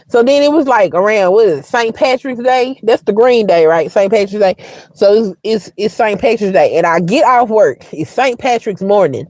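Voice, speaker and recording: A woman's voice: medium pitch, normal speed. A woman in her forties hosts a live stream and talks straight to her viewers. She is blunt and wry, swears without a second thought, and keeps her voice in an everyday middle range. The sound is dry and close, with no room echo. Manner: blunt and frank, swears freely, wry and expressive. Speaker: livestream host. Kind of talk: casual storytelling to viewers.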